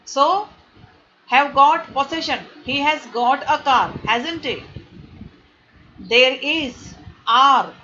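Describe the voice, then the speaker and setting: A woman with an Indian English accent teaching a grammar lesson, explaining slowly and patiently and checking that students understand. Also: sits high, pushed and bright. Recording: dull lo-fi with faint noise.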